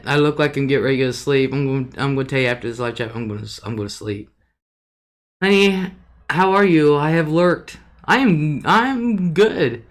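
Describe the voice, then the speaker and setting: A woman hosting a casual live stream from her desk, greeting viewers by name, reading their comments aloud and swearing freely. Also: deep voice. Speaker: livestream host.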